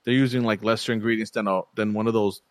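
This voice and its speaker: A man's voice: on the low side, steady tone, fast, no echo. A young man in casual chat, a rambling, profane storyteller who acts out the people he quotes.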